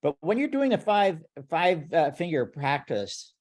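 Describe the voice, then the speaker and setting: Male webinar participant, slightly high voice, eager and rambling with restarts. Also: very animated, unhurried, a little mellow. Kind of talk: asking a question in a webinar.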